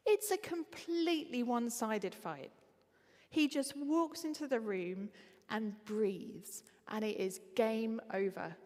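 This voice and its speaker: Woman preacher, Essex accent, conversational sermon, higher register, big reverberant hall. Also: slow. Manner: conversational, lively, frequent ums.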